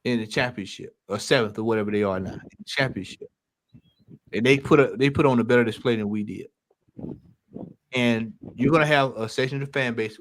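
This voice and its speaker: A man's voice: medium pitch, a little hiss or hum. A man on a football fan call-in show, talking earnestly and emphatically and repeating phrases to drive his points home. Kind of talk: casual football chat.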